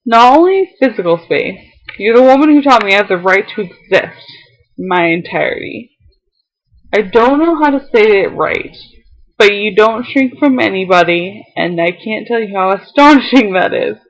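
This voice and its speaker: A woman's voice: mid-range voice, lively intonation, normal speed, low-quality recording. A young woman on a casual vlog, reading a heartfelt letter aloud to her viewers, tearful and fighting back tears, laughing now and then between lines.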